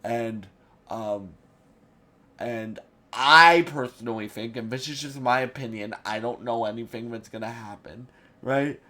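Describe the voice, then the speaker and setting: A man's voice: mid-range voice, measured pace. A young man giving a casual spoiler review of a TV episode, rambling with lots of fillers and restarts. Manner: rambling, many fillers and restarts, bursts into loud impressions.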